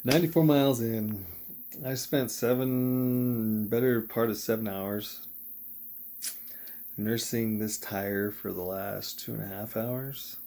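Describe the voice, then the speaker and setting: Mellow low-voiced man recounting a race. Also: fairly even intonation, takes it slowly, gravelly. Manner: rambling, reflective, with many fillers and quoted dialogue. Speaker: triathlete vlogger. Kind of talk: casual vlog storytelling.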